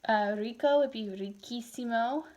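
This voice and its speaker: A woman in her thirties gives a recorded language lecture, moving easily between English and Spanish. Her voice sits a little high and sounds tired, and she talks in a loose, chatty way. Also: normal speed, a little mellow. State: tired, yawning. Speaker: Spanish teacher.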